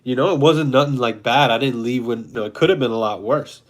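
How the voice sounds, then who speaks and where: A man's voice: medium pitch, fairly quick. Blunt New guy in his thirties, swears freely, casual storytelling monologue, mid-range voice. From New York City. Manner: blunt, profane, animated storytelling. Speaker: host.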